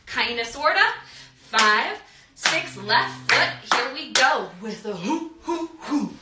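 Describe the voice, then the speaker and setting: A woman's voice: sits high, animated, slow, very noisy. A young American woman teaching a dance class, counting beats aloud and singing out the steps. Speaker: dance instructor. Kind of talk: live online dance class. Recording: roomy studio, mic at a distance.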